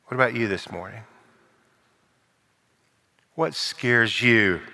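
Older man preaching, bright clear tone, long hall reverb, acts out voices, hushes for solemn lines. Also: medium pitch, takes it slowly. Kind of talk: sermon.

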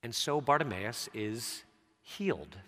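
Man, preacher, conversational sermon, bright tone, long church reverb. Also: expressive, slow pace. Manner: conversational, drops to soft low tones, rises for scripture quotes. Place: church sanctuary.

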